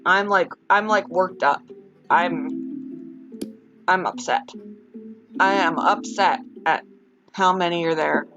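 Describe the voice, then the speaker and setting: Slow-talking upset woman streamer. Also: fairly low pitch. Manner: upset and venting, sighing, talks slowly. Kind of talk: casual live-stream chat while doing a puzzle. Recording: dull lo-fi sound with music behind. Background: background music.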